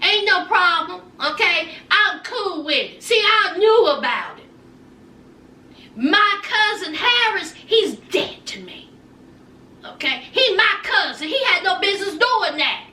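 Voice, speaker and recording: A sassy woman chats through a TV recap, her voice very high and lively as it swoops around. She talks slowly and takes her time over each line. She sounds echoey and a little distant from the mic. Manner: sassy, animated storytelling with quoted voices. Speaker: recap vlogger. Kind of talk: casual TV recap chat.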